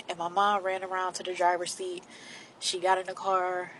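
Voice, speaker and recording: A woman's voice: lowish voice, flat delivery, unhurried, long pauses, fairly bright tone, a little hiss or hum, poor audio. A young adult woman, telling a story to her viewers in a candid, blunt way. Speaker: vlogger. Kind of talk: storytime vlog.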